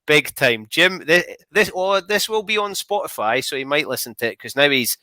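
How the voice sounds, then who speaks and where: A man's voice: on the high side, lively intonation, normal speed, sharp tone, dry recording. A man hosting a podcast, enthusiastic, reading out listener comments. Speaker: podcast host. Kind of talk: casual podcast chat.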